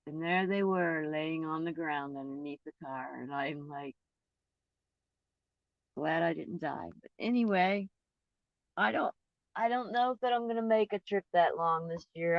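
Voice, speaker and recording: Rambling lower-voiced woman vlogging. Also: moderate pace, dry recording. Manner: rambling, trails off and restarts mid-thought; candid and emotionally open. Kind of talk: casual personal vlog. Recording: dull, dry lo-fi recording.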